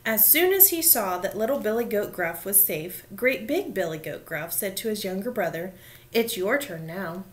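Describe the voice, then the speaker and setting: Woman reading a storybook aloud, expressive. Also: mid-range voice. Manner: expressive, slowing for dramatic details.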